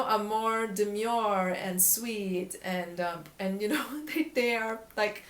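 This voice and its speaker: A woman voice coach talking candidly to camera in a vlog, reflective and often laughing at herself. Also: mid-range voice. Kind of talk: casual vlog talk to camera. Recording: echoey room.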